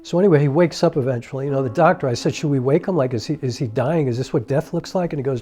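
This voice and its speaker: A middle-aged man earnestly telling a personal story in a conversational way, with restarts and asides, over soft piano music. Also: medium pitch, fast, hardly any pauses. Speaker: filmmaker and storyteller.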